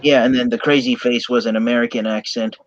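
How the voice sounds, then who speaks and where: A man in casual conversation, speaking calmly and steadily as he explains details at a middle pitch. The sound is dry and close, with a dull, lo-fi tone. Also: quick pace, no room sound. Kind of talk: casual chat.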